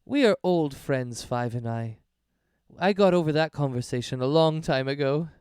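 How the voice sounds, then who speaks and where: A man's voice: fairly high pitch, moderate pace, a little mellow, clean tone, no room sound, studio quality, close to an everyday voice. A man voicing a chatty, hospitable wood elf innkeeper woman in a tabletop game, talking in a fluttery, eager-to-please way.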